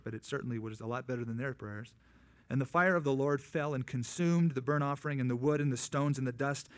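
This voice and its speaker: Storytelling preacher, loud then hushed. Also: male voice, on the high side. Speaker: pastor. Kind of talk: sermon.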